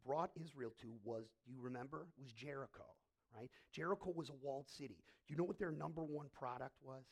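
Gravelly, animated male pastor preaching. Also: fairly high pitch. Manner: animated preaching with sudden swings from hushed to loud. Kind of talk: sermon. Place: church.

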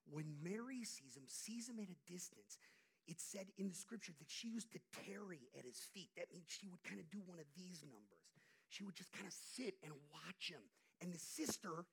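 A man's voice: high-pitched, animated, moderate pace, vocal fry, husky, poor audio. A man preaching an informal sermon, conversational, asking the congregation questions and acting out quotes. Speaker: pastor.

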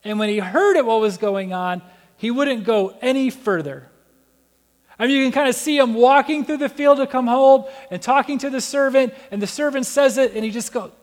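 High-voiced pastor preaching in a church hall. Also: male voice, normal speed. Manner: animated storytelling, acting out Bible characters' voices. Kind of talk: sermon. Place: church sanctuary.

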